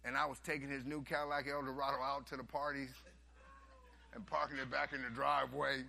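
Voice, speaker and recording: A man preaching a sermon, telling a story and swinging from hushed asides to loud, animated bursts. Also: mid-range voice, a little fast, vocal fry.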